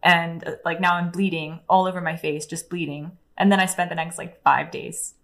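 A woman's voice: lowish voice, level tone, normal speed, a bit bright. A young woman telling her story as an interview guest, in a candid, casual way with frequent swearing and lots of "like". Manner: candid, profane, heavy use of "like".

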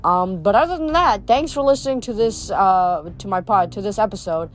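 A woman's voice: medium pitch, lively intonation, moderate pace. A woman podcast host reads a novel aloud, then signs off in a loose, casual way full of ums and restarts. Faint music plays underneath. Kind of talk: read-aloud narration and casual sign-off.

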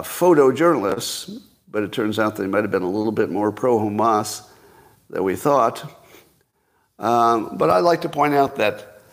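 Older man, solo livestream commentary, somewhat low voice, dry sarcasm, loose rambling talk. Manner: sarcastic, conversational, rambling with fillers. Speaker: podcast host.

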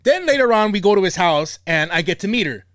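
A man's voice: sits high, fast, no echo, clean studio sound. A man hosting a podcast, telling a story in a casual, profane way and laughing often. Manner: animated, swears a lot, laughs often. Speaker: podcast host.

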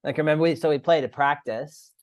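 A man's voice: fairly high pitch, fast, dry recording. A man with an Australian accent, a podcast guest chatting casually over a call, rambling and swearing as he restarts his sentences.

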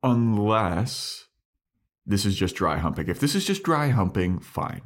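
Low-voiced man in casual podcast banter. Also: sing-song, measured pace. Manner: loose, profane, laughs often. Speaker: podcast co-host. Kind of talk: casual recap chat.

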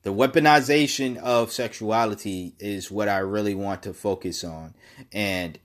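Alone, a man with a lowish voice offers casual opinion commentary. He starts out halting and repeating words, then presses his points with emphasis.

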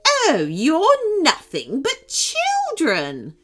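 A woman voicing a cruel, monstrous fire-breathing owl queen who roars and sneers in drawn-out words in a storybook reading. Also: extremely high pitch, wildly swooping pitch, soft background music, voice pushed up, heavily acted. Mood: gloating villain.

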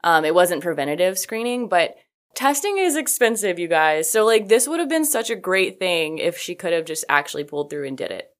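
A woman's voice: lowish voice, animated, a little fast. A woman hosting a video, telling a story in a casual, chatty way with lots of "like" fillers, loose swearing and self-correcting asides. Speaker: video host.

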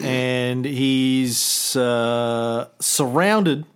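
A man's voice: medium pitch, very slow, smooth. A man hosting a casual history podcast, who tells the story with playful jokes. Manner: joking, playful. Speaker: podcast host.

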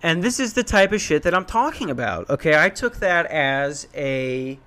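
A young man from Minnesota telling a story in an animated, self-mocking rant, swearing freely. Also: normal speed. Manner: animated, self-mocking, swears, jumps into high voices when quoting.

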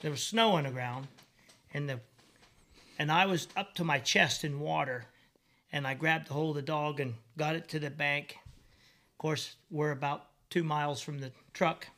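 A man's voice: fairly high pitch, fairly even intonation, normal speed, pushed and bright. A man telling a story in a plainspoken, casual way, laughing at his own mishaps.

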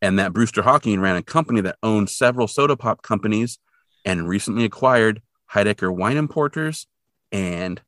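A man with a lowish voice co-hosts a casual podcast, recapping an episode at normal speed. He's animated, uses lots of fillers, and briefly takes on quoted characters' voices, all in a dry, clean studio recording.

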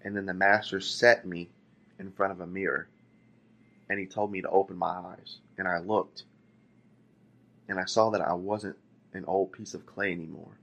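A preacher voicing a talking teacup telling its story. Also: male voice, low-pitched, steady tone, moderate pace, gravelly, long pauses, fairly bright tone, lo-fi sound, heavily acted. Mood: recounting. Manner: pleading storytelling in first person. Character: talking antique teacup recalling being shaped by a potter. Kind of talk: sermon illustration.

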